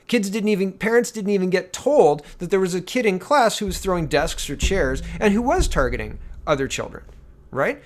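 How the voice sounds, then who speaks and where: A man in his thirties from Canada, hosting a casual solo political commentary with a blunt, exasperated and sarcastic manner. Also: high-pitched.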